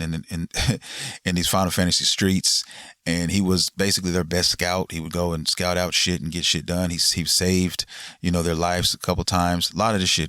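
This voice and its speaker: A man with a very low voice talks through a game's ending in a loose, rambling podcast chat. He swears often and leans on fillers. The sound is dry and close, with little room echo. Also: fairly bright tone. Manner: laid-back, rambling, frequent swearing and fillers. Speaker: gaming podcast host. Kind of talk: casual chat recapping a game ending.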